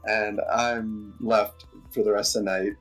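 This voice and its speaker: A young man tells a story in an easygoing chat, with a slightly husky voice. He acts out the people he quotes and laughs as he goes, while faint music plays underneath. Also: lowish voice, little pitch movement, measured pace.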